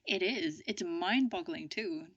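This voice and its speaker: Gravelly-voiced lively woman co-host. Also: on the low side, unhurried, dull audio, noisy background. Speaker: podcast co-host. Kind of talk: casual podcast chat.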